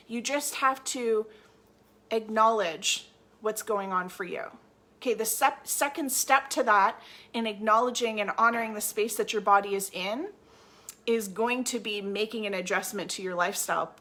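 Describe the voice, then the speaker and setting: A woman's voice: on the high side, pushed and bright. A young woman coaching a support group on gut health, talking emphatically and acting out quoted complaints. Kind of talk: motivational talk to a support group.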